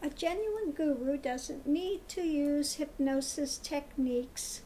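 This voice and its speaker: High-voiced, slow, scornful woman. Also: mellow, a little hiss or hum. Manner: emphatic, repetitive, scornful. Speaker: tarot reader and spiritual commentator. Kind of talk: commentary monologue.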